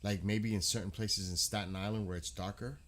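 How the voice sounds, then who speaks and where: A man's voice: fairly low pitch, fairly even intonation, fairly quick, a bit bright. A man with a New York accent hosting a casual night-sky livestream outdoors, chatting with viewers and answering them by name. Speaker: livestream host. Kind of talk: casual live-chat skywatching stream. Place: outdoors at night, dark rural area.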